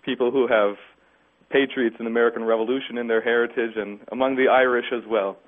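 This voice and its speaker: A man, a guest on a political talk radio show, speaking haltingly with many restarts and fillers. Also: mid-range voice, steady tone. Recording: phone-like narrow band radio sound.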